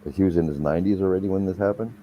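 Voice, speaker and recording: A man's voice: low-pitched, very fast, highs cut off, a little hiss or hum. A young man casually telling a rambling, profanity-laced story in conversation. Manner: profane, rambling anecdotal delivery.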